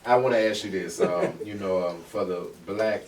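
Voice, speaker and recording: A man's voice: deep voice, normal speed, roomy sound, distant mic, slight background noise, low-quality recording. A man hosting a podcast, asking his guest a question in an easygoing way with lots of fillers. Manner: easygoing, filler-heavy, affirming. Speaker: podcast host. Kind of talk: interview questions.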